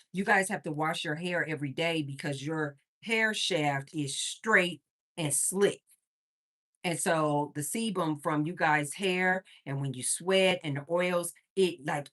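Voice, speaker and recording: Chatty woman with a low, bright voice. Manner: chatty, animated storytelling to viewers. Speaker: livestream host. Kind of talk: casual livestream chat.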